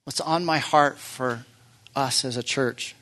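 A man preaching a sermon to his church as its pastor, earnest and emphatic, rising to loud peaks and dropping to quiet, prayerful moments. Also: medium pitch, slow.

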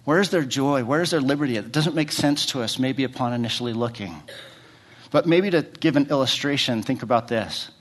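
A middle-aged man preaching a sermon as pastor. He asks his congregation many rhetorical questions and speaks in short fragments, often repeating words as he restarts. He moves between quiet, low questions and louder, higher stretches. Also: a little fast.

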